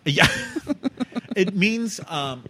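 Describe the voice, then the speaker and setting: A man's voice: high-pitched, huge pitch swings, very slow, pushed and bright, husky. A man co-hosting a podcast in casual comedic chat, playful and laughing often, slipping into silly voices. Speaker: podcast co-host.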